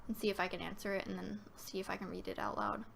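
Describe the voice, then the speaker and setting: A woman's voice: mid-range voice, little pitch movement, fast talker, creaky, a bit bright, a little hiss or hum. A woman hosting a casual live-stream Q&A, talking loosely with many fillers and restarts and reading viewer questions aloud.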